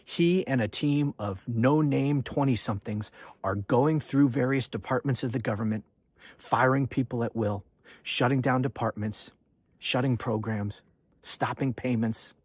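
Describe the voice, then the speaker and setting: A man's voice: mid-range voice, a little slow, darkish tone, husky, no room sound. A man, a political commentator, delivering an angry, accusatory rant with repeated refrains.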